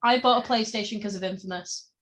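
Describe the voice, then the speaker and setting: Woman co-host, mid pitch, casual rambling chat. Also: quick pace, fairly bright tone. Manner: rambling, filler-heavy, tangent-prone. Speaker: podcast co-host.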